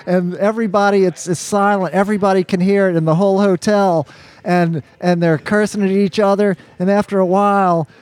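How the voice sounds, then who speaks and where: Rambling, halting male storyteller. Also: high-pitched, fairly even intonation, a little mellow, no echo. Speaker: co-host, former touring musician. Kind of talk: casual reminiscing conversation.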